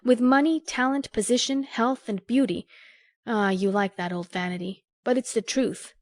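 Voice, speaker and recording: A sharp-tongued young woman lectures in a crisp, earnest, scolding tone, as a woman reading a storybook voices her. Her pitch sits well above the reader's own narration. The sound is close and dry. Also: normal speed, no echo, natural voice. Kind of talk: audiobook character voice.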